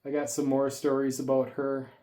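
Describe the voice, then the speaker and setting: A man's voice: medium pitch, completely flat delivery, normal speed, mellow. A man telling stories in a casual vlog, a bit winded after the gym, rambling and chatty, recorded indoors at home on a camera on a tripod. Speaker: snake keeper vlogger.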